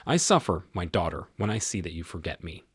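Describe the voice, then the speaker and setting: A man voicing Jesus as a gentle, reproachful divine speaker, reading tenderly in a low voice. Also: sing-song, brisk, husky, no echo, studio quality, heavily acted.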